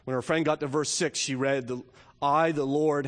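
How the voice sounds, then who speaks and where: A male pastor preaching a sermon, moving between emphatic, rising questions and quiet, slow storytelling. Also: a little high, steady tone, in a large hall.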